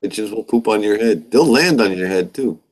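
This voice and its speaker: A man's voice: on the low side, lively intonation, moderate pace, darkish tone. A man hosting a casual live stream chat, loose and joking, laughing often.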